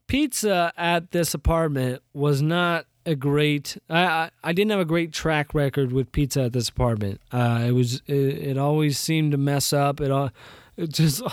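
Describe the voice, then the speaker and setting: A man's voice: a little high, smooth, no room sound. A young man hosting his own podcast, telling a story in a rambling casual way, often restarting sentences, with dry sarcasm. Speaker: podcast host.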